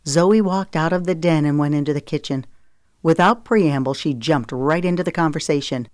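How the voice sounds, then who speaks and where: Low-voiced woman narrating a novel. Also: normal speed, a little mellow, no echo, clean studio sound. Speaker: audiobook narrator. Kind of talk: scripted narration.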